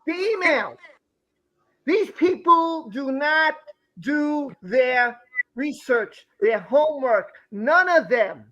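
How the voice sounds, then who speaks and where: A man's voice: very high voice, expressive, slow, sharp tone, highs cut off. A man hosting a live stream, ranting heatedly and repeating himself as he reacts to news coverage. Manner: heated, repeats phrases, talks over the clip. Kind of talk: angry ranting commentary.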